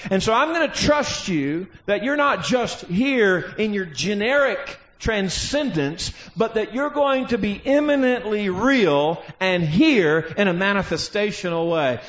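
A man preaching a sermon with passion, slowing for weight and building to shouts. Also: sits high, highs cut off. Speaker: pastor.

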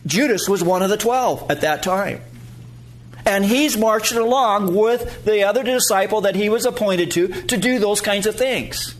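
A man preaching a sermon as pastor to his congregation, emphatic, rising to loud peaks and dropping low. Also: lively intonation, moderate pace, a little hiss or hum.

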